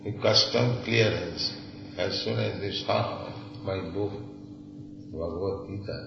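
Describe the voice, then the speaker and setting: A man's voice: low-pitched, takes it slowly, creaky. A man in the audience adding brief remarks to the conversation. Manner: brief interjections. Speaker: audience member. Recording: distant, roomy, dull, noisy tape.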